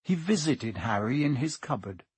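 Slightly husky man narrating a storybook. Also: mid-range voice, normal speed, no echo. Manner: steady storytelling, voicing each character. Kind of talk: audiobook narration.

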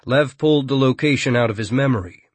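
A man narrating an audiobook in a steady, even storytelling manner. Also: mid-range voice, a little fast, no room sound. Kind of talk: scripted narration.

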